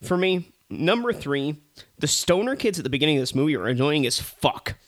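Male co-host, slightly high voice, lively profane movie ranter. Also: brisk. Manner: animated, profane ranting. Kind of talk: casual chat.

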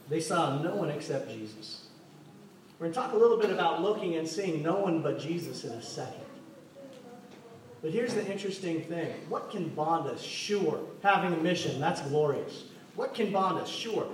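A man preaching a sermon in a church, joking and asking the congregation questions. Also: high-pitched. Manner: playful, jokes and asks the congregation questions. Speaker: pastor. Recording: echoey hall from far off, faint noise.

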